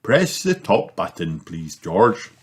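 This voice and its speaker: A man reading a storybook aloud and voicing a jolly, clumsy father pig who talks slowly and chuckles. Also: low voice, very animated, heavily acted. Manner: slow, chuckling and easygoing. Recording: noisy home recording with clicks.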